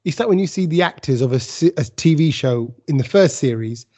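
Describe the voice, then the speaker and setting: A man, hosting a casual podcast chat and telling animated stories. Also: on the high side, brisk. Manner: animated storyteller, puts on silly voices. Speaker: podcast host. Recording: dull lo-fi podcast audio.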